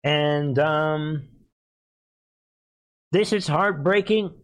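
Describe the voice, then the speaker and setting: Emphatic, fairly high-voiced male commentator. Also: drawn-out words, rough recording. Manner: emphatic and repetitive, with frequent throat-clearing. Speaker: host. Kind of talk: political commentary monologue.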